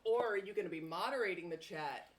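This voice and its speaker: A woman's voice: lowish voice, quick pace. A woman co-hosting a podcast in casual chat, bubbly and teasing while tasting treats. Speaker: podcast co-host.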